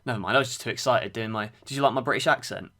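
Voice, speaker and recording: A man's voice: medium pitch, very fast, bright, forceful tone. A man co-hosting a wrestling podcast, chatty and eager, thinking aloud as he talks. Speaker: podcast co-host. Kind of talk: casual chat.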